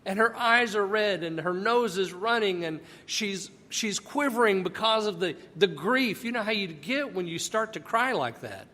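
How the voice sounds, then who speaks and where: A man's voice: sits high, animated, normal speed, hardly any pauses, pushed and bright, in a large hall. A man teaching a Bible passage in a folksy, conversational and emphatic way.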